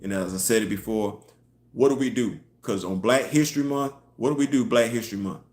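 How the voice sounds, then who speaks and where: A man's voice: lowish voice, brisk, a little mellow. A man hosting a casual live online show, talking emphatically, firing off rhetorical questions and answering viewer chat. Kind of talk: casual live-stream commentary. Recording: echoey room.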